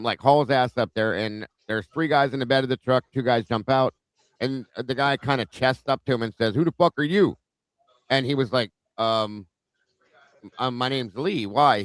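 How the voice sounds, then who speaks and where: A man's voice: medium pitch, clear, resonant tone. A male podcast host with a mid-range voice, telling a story in a laid-back way full of slang. The sound is close and dry, with no room echo. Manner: relaxed retelling, slangy, says bro. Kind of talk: casual podcast chat.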